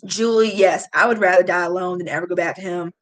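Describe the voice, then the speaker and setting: A YouTube beauty vlogger in her late 20s chats casually on a live stream, emotional and confiding as she speaks straight to chat. Her voice is lowish and quick, and the recording is rough.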